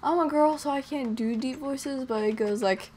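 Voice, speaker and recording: A woman's voice: high voice, moderate pace, noisy background. A young woman chatting playfully while playing a video game, greeting the animals she meets. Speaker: gamer. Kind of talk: casual game commentary.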